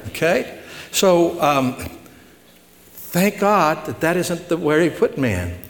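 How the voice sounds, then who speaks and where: A pastor with a fairly high, sing-song voice preaches slowly, giving a conversational Bible-teaching sermon. In a folksy way he tosses questions to the congregation, and the recording has long hall reverb.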